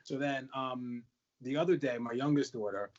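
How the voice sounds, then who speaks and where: A man co-hosting a casual podcast, telling a rapid anecdote and acting out both sides of a conversation. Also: mid-range voice, dull audio, a little hiss or hum. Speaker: podcast co-host, parent.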